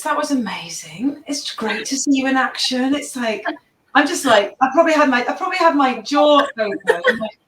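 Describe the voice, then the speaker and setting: A woman's voice: fairly high pitch, fairly bright tone, a little hiss or hum. A woman hosting a live stream on a video call, effusive and gushing as she talks with her guest. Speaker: host. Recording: roomy, distant video-call audio.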